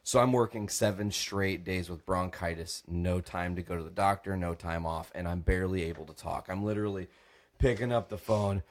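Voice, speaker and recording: A young host on a comedy podcast recounts a rowdy story in a low-pitched voice with fairly even intonation, at a moderate pace. Along the way he acts out voices, curses freely and laughs frequently.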